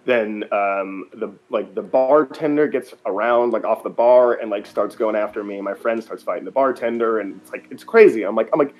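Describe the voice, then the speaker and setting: A man's voice: lowish voice, moderate pace, few pauses. A young man, a guest on a talk show, telling stories in a rambling, casual way with lots of fillers. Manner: rambling, filler-heavy, animated retelling. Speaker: interview guest, folk singer. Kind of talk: casual storytelling.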